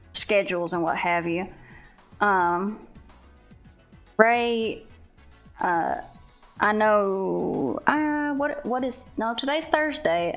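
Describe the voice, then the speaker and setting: A woman with a Southern US accent chats loosely as a stream host, her sentences trailing off and restarting around plenty of filler words. Her voice sits at an ordinary middle pitch. Faint music plays underneath. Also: fairly bright tone. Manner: rambling, with frequent fillers and restarts. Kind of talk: casual chat.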